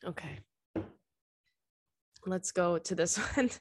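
A woman's voice: on the low side, slow, breathy edge, no echo. Woman in her thirties, podcast host giving blunt, sweary advice; dry, close sound. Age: 30s. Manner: blunt, swearing, gets riled up and loud. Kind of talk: casual chat.

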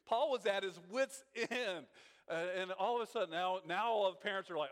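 A fairly high-pitched man gives a casual, animated sermon, breaking into laughter and playing out the lines he quotes. His voice rings with a long reverb from a church hall. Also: a little fast. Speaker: pastor teaching a Bible class. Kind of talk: informal sermon.

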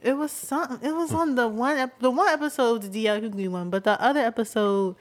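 A woman's voice: on the high side, quick pace. A woman with a Philadelphia accent chatting casually, retelling a show scene and laughing along. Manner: storytelling, laughing. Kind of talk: casual chat.

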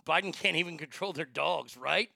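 A blunt, profane man hosting a talk show, rambling and restarting his sentences as he goes. His voice sits high for a man, with a gravelly, fried edge and a very bright, forceful tone. It is recorded dry and close, with no room sound. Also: moderate pace, no echo. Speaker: podcast host. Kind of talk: casual opinionated chat.

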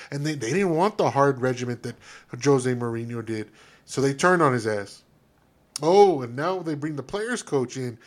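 A man co-hosting a fan podcast, ranting in a heated, profane, emphatic way. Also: mid-range voice. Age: adult. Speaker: podcast co-host.

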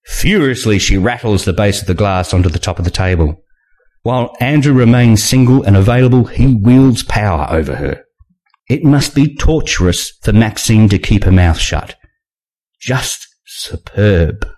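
A man reading a first-person thriller aloud in a wry, expressive way. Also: fairly low pitch, moderate pace. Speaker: audiobook narrator.

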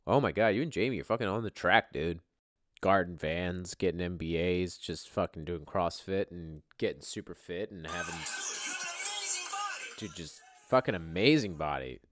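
Rowdy deep-voiced man hosting a podcast. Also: moderate pace. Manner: excitable, swearing, jumps in volume. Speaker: podcast host. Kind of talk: casual profane banter.

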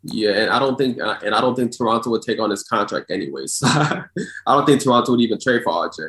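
Male co-host, steady and reasoned, recorded in a roomy space. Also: on the low side, fast. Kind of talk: casual basketball chat. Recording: echoey room.

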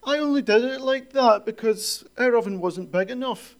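A man's voice: very high voice, normal speed, pitched above the performer's own voice. A man doing a surprised mother's voice. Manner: mildly astonished, matter-of-fact. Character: calm, surprised mother of a grown daughter.

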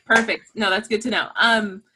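Bubbly, bright-voiced woman laughing through chat. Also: mid-range voice, moderate pace, a little hiss or hum. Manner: bubbly, laughs often, excitable. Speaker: podcast co-host. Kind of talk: casual chat.

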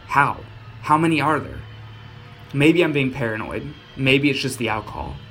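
A man narrating a first-person horror story in a gritty, blunt and deadpan way. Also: on the low side.

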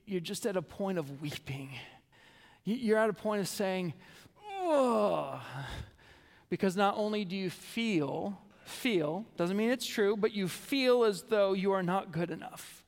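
A male pastor preaching an earnest sermon, stumbling into restarts and dropping to a hush on heavy words. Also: sits high, long reverb tail.

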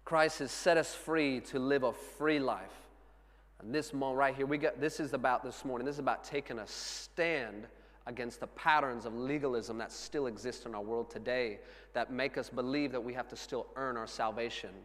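A man in his thirties preaching a sermon, telling a family story with earnest warmth and laughing at himself now and then. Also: mid-range voice, moderate pace. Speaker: pastor. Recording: long hall reverb.

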